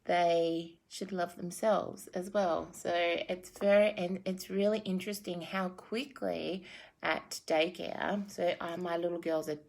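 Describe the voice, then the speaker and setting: Gentle, unhurried woman guiding a meditation. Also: on the low side, fairly even intonation, vocal fry. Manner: gentle, giggly and rambling, with many fillers. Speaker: spiritual guide and card reader. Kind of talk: casual chat leading into a guided meditation.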